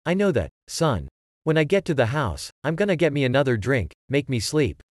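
A man voicing a gruff older man who is shaken but tries to calm a younger one. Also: medium pitch, moderate pace, dry recording, clean studio sound, close to an everyday voice. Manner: gruff, consoling, insistent.

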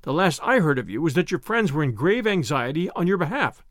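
A man voicing a grave older male lawyer who speaks in a measured, dry way with clipped questions. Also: a little high, big pitch swings, no echo.

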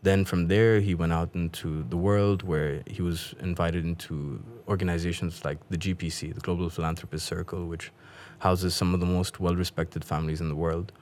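A man's voice: low voice, steady tone, normal speed, few pauses, darkish tone. A man being interviewed as a guest comedian, chatting casually, often laughing as he tells stories.

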